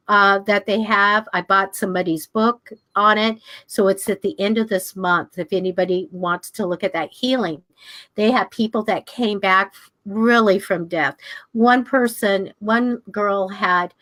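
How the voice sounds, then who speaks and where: An older woman teaching a class, telling stories in a chatty, animated way and jumping high in pitch when she acts out the people she quotes. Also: a little slow. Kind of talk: casual storytelling to a class.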